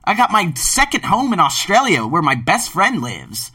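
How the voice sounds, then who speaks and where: Animated man, bright voice. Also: high voice, normal speed, no echo, far from the mic. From Philadelphia, US. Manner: animated and emphatic, swears casually. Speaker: podcast host and ESL teacher. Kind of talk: casual monologue.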